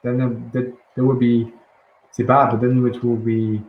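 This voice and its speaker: A man leading a guided breathing and affirmation session, speaking softly and slowly with calm pauses and restarts. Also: mid-range voice, phone-quality sound, soft background music. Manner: soft, slow and gentle, with calm pauses and restarts. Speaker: guided release teacher. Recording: echoey room with faint ambient noise.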